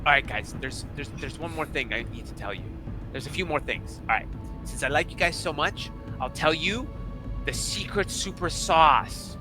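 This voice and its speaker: A man's voice: on the high side, normal speed, over music. A man narrating as dungeon master, rambling and correcting himself as he goes. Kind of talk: narrating a tabletop game.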